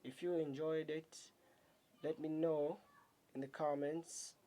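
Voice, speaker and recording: A man reviewing his own manga chapter for a video, talking casually in a halting, rambling way full of fillers. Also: fairly high pitch, little pitch movement, mellow.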